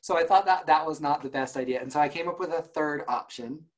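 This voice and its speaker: A man's voice: fairly high pitch, quick pace. A man co-hosting a podcast, telling a story about himself in casual chat and laughing often. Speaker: podcast co-host.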